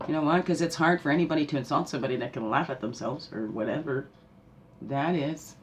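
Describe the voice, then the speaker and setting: A woman's voice: low voice, quick pace, a little hiss or hum. A woman hosting a spiritual podcast, talking casually and animatedly, often laughing and asking the listener questions. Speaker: spiritual guide and podcast host.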